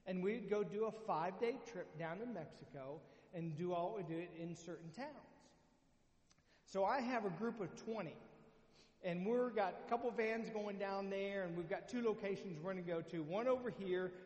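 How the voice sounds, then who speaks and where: A man's voice: sits high, a little mellow, reverberant, big-room sound. A man preaching as a pastor, telling a story animatedly and acting out his own lines. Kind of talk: sermon with storytelling.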